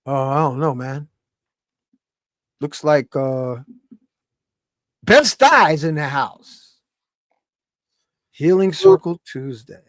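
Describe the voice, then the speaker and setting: A man's voice: a little high, no room sound, studio quality. Slangy man hosting a video-call livestream. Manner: loose slangy banter, shout-outs to viewers. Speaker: livestream host. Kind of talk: casual livestream chat.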